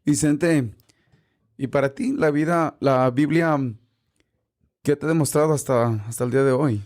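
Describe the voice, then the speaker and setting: A young man co-hosting a casual podcast, animated, asking the others questions and mixing Spanish and English. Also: a little high, moderate pace. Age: young adult. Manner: animated, asks questions, code-switches. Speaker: podcast co-host.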